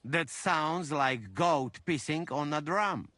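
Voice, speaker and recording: Janosch, a crude mocking joker. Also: male voice, on the high side, lively intonation, slow pace, bright, forceful tone, no room sound, heavily acted. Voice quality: broken English, teasing, crude humor. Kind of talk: game voice acting.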